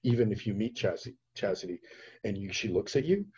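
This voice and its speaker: A man hosting a podcast, telling a story with animated energy and acting out the voices in it. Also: lowish voice, a little fast, breathy edge, dull audio. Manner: expressive, acts out voices in his anecdotes. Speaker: podcast host.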